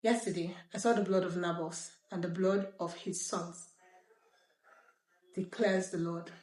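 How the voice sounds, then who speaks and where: A woman's voice: fairly low pitch, steady tone, a little slow, darkish tone, natural voice. A woman voicing a ruthless, commanding warrior king in a scripture reading, with blunt orders. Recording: roomy echo.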